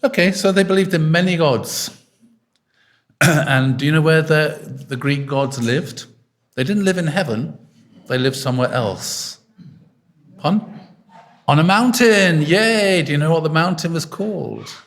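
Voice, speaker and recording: A man's voice: a little high, expressive, measured pace, long pauses. A man preaching an informal sermon in an arts centre hall, chatty and full of fillers, stopping often to quiz his listeners. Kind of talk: informal sermon with congregation questions.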